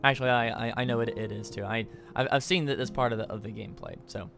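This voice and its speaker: A man's voice: medium pitch, quick pace, gravelly, over music. A young man hosting a let's play, rambling eagerly with many stammered restarts. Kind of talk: casual gameplay commentary.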